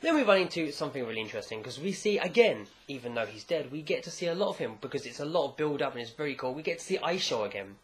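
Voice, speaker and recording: A man's voice: on the high side, very fast, few pauses. Chatty man recapping a comic. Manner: rambling, animated storytelling with asides. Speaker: manga chapter reviewer. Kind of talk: casual recap commentary.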